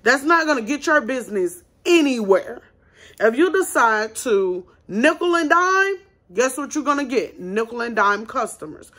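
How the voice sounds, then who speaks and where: A woman host giving business advice in a casual vlog, blunt and emphatic as she talks straight to her audience. Her voice sits a little high and sounds bright and forceful, and she leans hard on the key words. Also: animated, normal speed.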